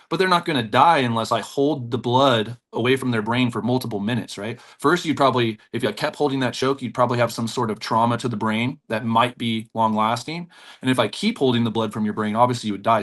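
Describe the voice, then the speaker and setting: A man who runs a jiu-jitsu school, guest on a podcast, telling stories with energy, acting out the people in them and laughing often. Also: medium pitch. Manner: animated storyteller, acts out voices, laughs often. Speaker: jiu-jitsu black belt and gym owner, podcast guest. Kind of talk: storytelling in a podcast interview.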